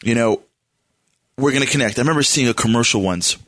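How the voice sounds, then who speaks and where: A man hosting an interview, talking in an animated, searching way as he tells anecdotes to make his point. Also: mid-range voice, quick pace, no room sound, clean studio sound. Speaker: host. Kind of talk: conversational interview.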